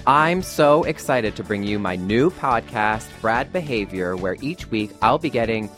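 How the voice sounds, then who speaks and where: A man's voice: on the low side, expressive, a little slow, a bit bright. A man reading an upbeat ad for his podcast in a playful, teasing way, with faint music behind him. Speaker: podcast host in an ad. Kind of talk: upbeat ad read.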